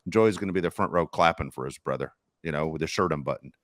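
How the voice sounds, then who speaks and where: A middle-aged man hosting a sports podcast, telling stories in casual, animated chat. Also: extremely low pitch, quick pace, no echo, studio quality. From Los Angeles area. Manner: storytelling, animated, swears casually. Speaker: podcast host.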